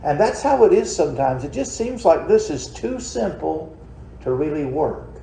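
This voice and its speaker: A man's voice: on the high side, very animated, normal speed, gravelly, warm tone, slight background noise. A man preaching a midweek sermon in a folksy, conversational way, full of rhetorical questions to the congregation. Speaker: pastor. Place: church sanctuary. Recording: roomy church echo.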